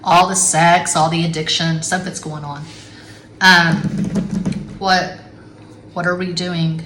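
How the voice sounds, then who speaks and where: A woman's voice: lowish voice, flat delivery, slow, a bit bright. A middle-aged woman giving a casual tarot reading at home, rambling and blunt, with frequent swearing. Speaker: tarot reader. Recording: echoey room with faint background noise.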